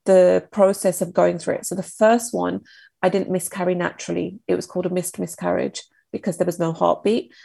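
A woman in her thirties, a podcast guest, recounting a painful personal story in a halting, emotional, reflective way. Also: fairly low pitch, little pitch movement, creaky, warm tone, breathy edge, dry recording.

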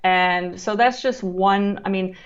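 Calm, measured female guest explaining her work, with fillers and restarts. Audio a touch dull and lo-fi. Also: medium pitch, clean tone. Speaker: guest who works with children on emotions. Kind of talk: explanatory interview talk.

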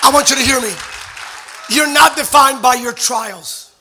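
A middle-aged man preaching a sermon, moving from quiet storytelling to shouted, fervent declarations and call-and-response with the congregation. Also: very high voice, measured pace, very noisy. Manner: playful, sings snatches of songs and jokes with the crowd. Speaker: pastor.

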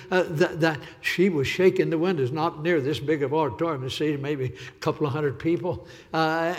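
A man preaching an impassioned sermon as a visiting evangelist, pleading with repetition. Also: on the high side. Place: church sanctuary. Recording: reverberant church hall.

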